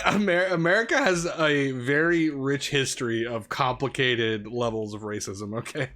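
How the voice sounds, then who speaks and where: A man streaming a game, thinking out loud and cracking jokes in casual chat. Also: mid-range voice, brisk. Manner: chatty, joking, thinking aloud.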